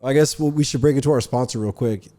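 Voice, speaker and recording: Rambling young man with a mellow voice. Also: mid-range voice, fast talker. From northern New Jersey. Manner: rambling, filler-heavy. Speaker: podcast host. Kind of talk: casual chat.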